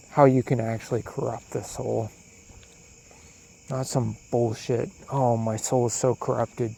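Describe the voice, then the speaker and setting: Man, gravelly, dark-toned, rambling profane monologue, crickets behind. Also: mid-range voice, a little hiss or hum, poor audio. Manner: profane, animated, questioning. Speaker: solo podcaster. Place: outdoors at night. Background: crickets and insects.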